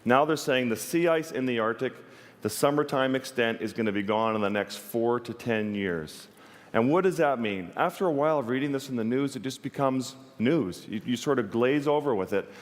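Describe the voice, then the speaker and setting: A man at the podium tells a vivid personal story, earnest and lively, with flashes of wry humor. His voice sits at an ordinary middle pitch. The sound rings with the long reverb of a large hall. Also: normal speed. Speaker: wildlife photographer giving a talk. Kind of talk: stage talk, personal storytelling.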